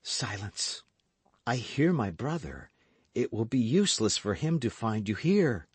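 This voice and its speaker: A man reading an audiobook voices a cold, scheming noblewoman who coaxes and commands, in a soft, measured way. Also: mid-range voice, very animated, husky, no room sound. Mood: hushed.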